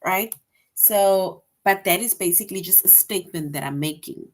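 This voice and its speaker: A woman's voice: lowish voice, normal speed. A woman teaching a grammar lesson to young children, patient and repetitive, often checking with "right?".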